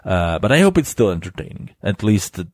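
A man with an Italian accent chats through his solo podcast, lowish in pitch and heard dry and close. He stumbles over words and restarts often, sounding earnest and a little self-deprecating. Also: very animated, fairly quick, dry recording. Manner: hesitant, with many fillers and self-corrections. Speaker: podcast host. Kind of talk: casual solo podcast chat.

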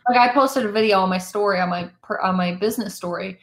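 A woman's voice: medium pitch, quick pace. A woman, a musician talking candidly and self-deprecatingly as a podcast guest. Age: 20s. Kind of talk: casual interview chat. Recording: roomy echo.

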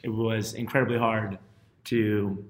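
A man's voice: lowish voice, level tone, unhurried, reverberant, slight background noise. A man co-hosting a podcast, dry and self-deprecating in casual banter. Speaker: podcast co-host.

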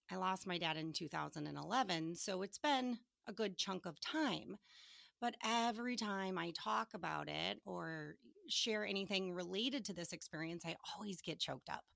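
Earnest woman with a gravelly edge. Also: mid-range voice, fairly bright tone, no echo, studio quality. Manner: earnest, halting, emotional. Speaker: podcast co-host and grief therapist. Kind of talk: candid podcast conversation.

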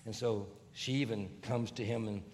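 A male pastor preaching a sermon, emphatic and swelling to shouts. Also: fairly low pitch, steady tone, moderate pace, a little hiss or hum. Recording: long hall reverb with faint music.

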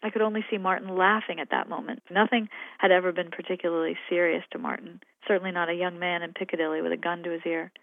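A woman's voice: fairly low pitch, level tone, fast, vocal fry, no room sound. A woman novelist talking thoughtfully and hesitantly about her writing, and reading aloud from her own novel. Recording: phone-like radio line.

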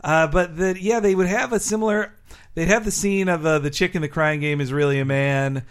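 A man's voice: on the high side, fairly quick, smooth. Rambling podcast co-host, a man. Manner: rambling, acts out quotes. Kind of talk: casual chat.

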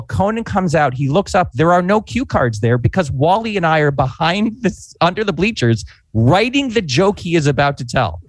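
A man in his forties telling an anecdote in animated, casual podcast chat, peppered with fillers. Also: a little high, dry recording. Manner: animated, fast-paced anecdote with frequent "like" fillers. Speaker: podcast guest, former comedy writer. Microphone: podcast microphone.

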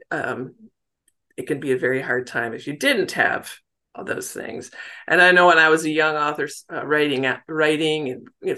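Middle-aged woman from the US, bright clear tone, chatty, quick to laugh. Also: low voice. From United States. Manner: chatty, laughs easily, warm self-deprecating. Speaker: novelist guest. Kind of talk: casual interview talk.

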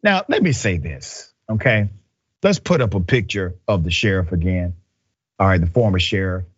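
A man's voice: low-pitched, lively intonation, moderate pace, husky, dry recording, lo-fi sound. Emphatic sarcastic male news commentator. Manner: sarcastic, emphatic, repeats points with "okay?".

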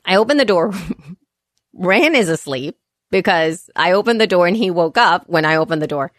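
A woman in her thirties co-hosting a podcast, telling family stories in casual chat and getting animated when she quotes people. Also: lowish voice, normal speed, no echo, studio quality. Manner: chatty storyteller, animated when quoting. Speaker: podcast co-host.

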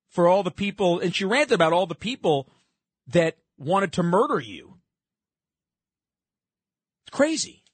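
A man's voice: sits high, fairly bright tone, dry recording. A man hosting political talk radio, sarcastic and emphatic as he rants and takes callers. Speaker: radio talk show host.

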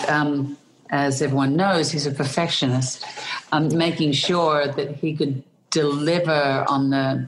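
A woman's voice: very deep voice, a little hiss or hum. A middle-aged Australian woman, an actress in an interview, telling anecdotes with frequent laughter and fillers. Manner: laughs often while telling stories, hesitant fillers.

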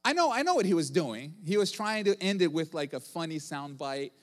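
A male pastor preaching a sermon, emphatic, repeating phrases and building to loud bursts. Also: fairly high pitch, sing-song, fairly quick. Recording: long hall reverb.

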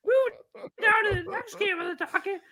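A shrill, very high goofy announcer that hollers every line in mock excitement, as a podcast host puts him on. The squeaky tone sits far above any normal speaking voice, with a strange, pinched timbre. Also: male voice, normal speed, a crowd in the background. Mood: mock-excited.

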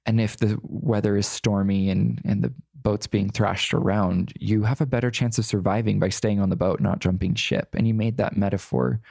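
A man's voice: fairly low pitch, steady tone, normal speed, gravelly, hardly any pauses, darkish tone, no echo, clean studio sound. A young man, a guest in an interview, telling a personal story in a chatty way, full of "like" fillers and sassy asides.

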